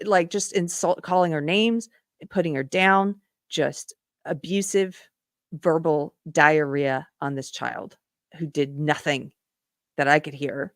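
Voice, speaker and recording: Earnest woman host, lowish dry voice. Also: steady tone, slow, no echo. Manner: earnest storytelling, lots of restarts. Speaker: podcast host. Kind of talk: casual live-stream monologue.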